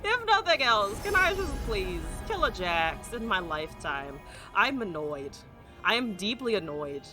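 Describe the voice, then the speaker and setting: A woman's voice: mid-range voice, very animated, a little slow, music in the background. A woman streamer ranting with exasperation while playing a card game, swearing and firing off rhetorical questions.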